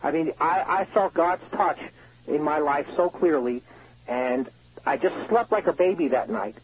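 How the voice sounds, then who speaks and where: A man with a high voice gives an earnest, emotional testimony over a prison payphone. He restarts his sentences often. The line is muffled, with a faint hiss behind him. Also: unhurried. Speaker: caller, prison inmate. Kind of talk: personal testimony by phone.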